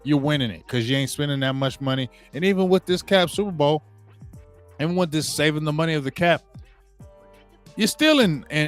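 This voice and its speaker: A man in the middle of a heated sports rant, talking at an ordinary mid pitch. He repeats himself and trips over his words, then mimics the people he criticizes. Faint music plays behind him. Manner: heated, repetitive, stumbles and restarts, mocking quotes. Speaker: sports show host. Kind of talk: opinionated sports commentary rant.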